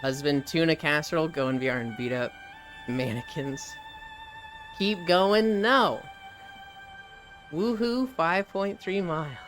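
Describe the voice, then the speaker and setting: A live streamer chatting casually while walking on a treadmill, reading chat aloud and telling stories with lively animation. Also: medium pitch, unhurried, faint music behind. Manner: reads chat aloud and riffs, animated storytelling.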